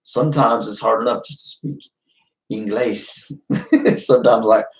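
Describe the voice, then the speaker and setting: A man's voice: mid-range voice, a little slow, slight background noise, rough recording. A man chatting casually with his live-stream viewers, easygoing and rambling, often laughing. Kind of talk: casual livestream chat.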